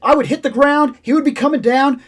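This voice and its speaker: A middle-aged man hosting a casual chat, telling a nostalgic story in an animated way, with loud exclamations and low asides. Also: a little fast. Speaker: host.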